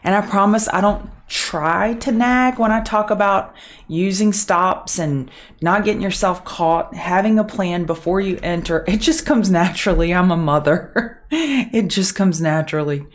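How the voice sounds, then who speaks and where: A woman's voice: mid-range voice, steady tone, moderate pace. Chatty woman greeting viewers. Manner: kept softer to avoid being loud. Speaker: trading show host. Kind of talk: live-stream market chat.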